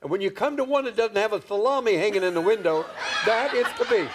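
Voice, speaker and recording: An older man voicing a giggly, silly old male comedian with a high sing-song delivery. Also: quick pace, very noisy, lightly acted.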